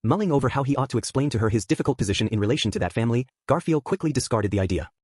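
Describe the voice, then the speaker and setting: A man narrating an audiobook with a steady storytelling read. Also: mid-range voice, rapid-fire, slightly rough, no echo, studio quality. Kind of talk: scripted narration.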